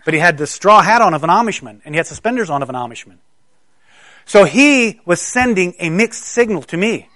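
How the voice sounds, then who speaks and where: Higher-pitched man preaching from South Carolina. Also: animated, a little fast, bright, forceful tone, no echo. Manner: conversational storytelling, stammering restarts. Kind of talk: sermon.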